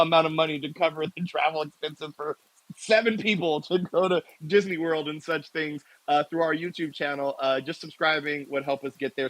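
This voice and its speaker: Rambling, playful man, higher voice. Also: a bit bright, no echo, low-quality recording. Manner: rambling, self-correcting, playful. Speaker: guest artist. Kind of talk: casual live audio chat.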